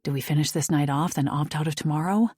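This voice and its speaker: A woman voicing an exasperated woman doctor who speaks bluntly, in a low husky voice. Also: fast talker, a little mellow, dry recording, clean studio sound. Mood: urgent. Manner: frustrated, blunt.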